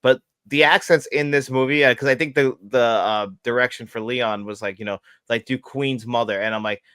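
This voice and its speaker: A man's voice: mid-range voice, steady tone, moderate pace, a bit bright, clear, resonant tone, no room sound, clean studio sound. A man from Long Island with a New York accent, co-hosting a casual film podcast, laughing often and talking with lots of "like". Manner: laughs often, filler-heavy "like" talk. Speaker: podcast co-host.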